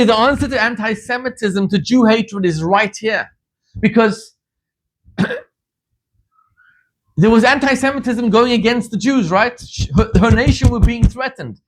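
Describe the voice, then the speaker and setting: A man from Zimbabwe, a rabbi, giving a sermon in an animated, emphatic storytelling manner. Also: sits high.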